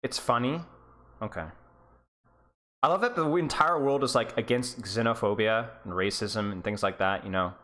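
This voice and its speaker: A man's voice: medium pitch, normal speed, bright, forceful tone. A man coaching players on a live stream, rambling and sarcastic as he rates game clips and keeps interrupting himself. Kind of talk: live-stream clip review.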